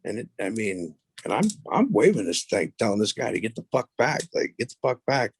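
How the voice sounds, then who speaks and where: A man's voice: lowish voice, a little fast, creaky, slightly rough, no room sound. A man in his thirties, a podcast guest, telling a story casually with lots of swearing and rambling asides. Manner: profane, rambling, animated retelling.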